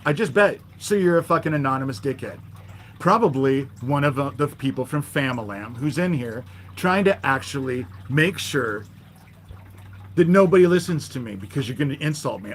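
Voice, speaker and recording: A man's voice: mid-range voice, expressive, moderate pace, a little hiss or hum. A man hosting a livestream, ranting in an irritated, profane, confrontational way, sarcastic toward commenters and often adding "you know?". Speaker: livestream host. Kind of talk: live-stream rant.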